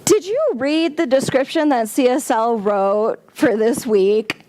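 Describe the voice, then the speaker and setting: A woman giving a sermon-style talk at a spiritual center, animated and exclamatory, with playful asides. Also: on the high side, a little slow. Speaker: guest speaker at a spiritual center.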